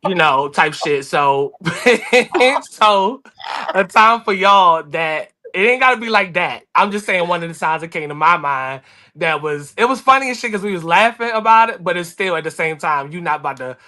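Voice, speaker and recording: A man's voice: high-pitched, animated, moderate pace, sharp tone. A man hosting a casual chat, loose and laughing, with profane banter. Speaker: host.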